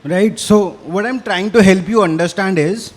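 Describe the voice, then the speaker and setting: A man with an Indian English accent, slightly hoarse, giving an energetic interactive business talk on stage. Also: sits high, normal speed. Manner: energetic, quizzes and challenges the audience. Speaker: business speaker. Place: stage in front of a live audience.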